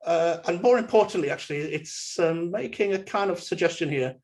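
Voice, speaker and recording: A man's voice: high voice, fairly quick, darkish tone. A man giving an online webinar lecture in a conversational way, with frequent fillers and restarts. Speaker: university lecturer.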